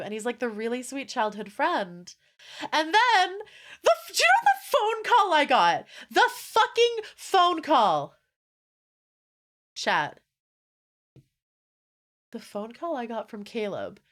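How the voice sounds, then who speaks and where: A young woman streaming and chatting casually with her viewers, animated and swearing often, with frequent laughter. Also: high-pitched, a little slow, long pauses. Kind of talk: casual live-stream chat.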